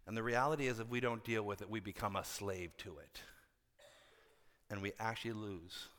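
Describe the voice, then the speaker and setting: A male pastor preaching a sermon, animated and acting out quoted voices with big swings between loud and soft. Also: fairly low pitch, moderate pace. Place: church hall. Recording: long hall reverb.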